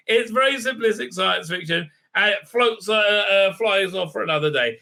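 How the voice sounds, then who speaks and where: A man's voice: high voice, normal speed, gravelly, hardly any pauses, bright, forceful tone. A man hosting a casual recap and review, rambling with many fillers and restarts and acting out the characters' lines. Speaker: host.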